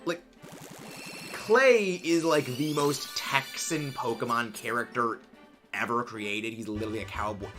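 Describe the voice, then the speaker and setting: A young man hosting a livestream, chatting casually and reading chat messages in an excitable, rambling way. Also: mid-range voice. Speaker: livestream host.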